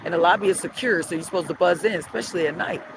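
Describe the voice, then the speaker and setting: Gravelly, lowish, and rapid-fire, a middle-aged woman with a New Orleans accent delivers a heated, swear-filled rant to her phone on a live stream. The street vlogger is out on a city street at dawn, narrating animatedly and breaking into sing-song chants, with loud traffic noise all around.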